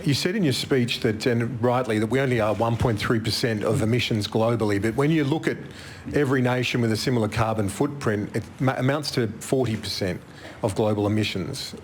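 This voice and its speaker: An Australian man working as a reporter, putting a long question at a press conference and pausing to search for words. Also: mid-range voice, slight background noise.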